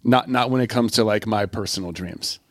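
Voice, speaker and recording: A man's voice: fairly low pitch, brisk, no echo, studio quality. A man co-hosting a podcast, talking candidly with his wife in a reflective, self-deprecating way. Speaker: podcast co-host.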